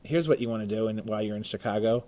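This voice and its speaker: A man co-hosting a casual podcast conversation, chatty and jokey, laughing often and filling pauses with "uh". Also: on the low side, dark tone. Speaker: podcast co-host. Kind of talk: casual chat. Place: Baltimore.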